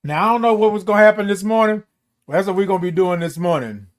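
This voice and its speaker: Man hosting a home livestream, high and playful, chatty with viewers. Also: fast. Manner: playful, greets viewers by name, drawls. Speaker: morning show host. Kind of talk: casual livestream chat. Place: home with Christmas decorations. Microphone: camera close to face.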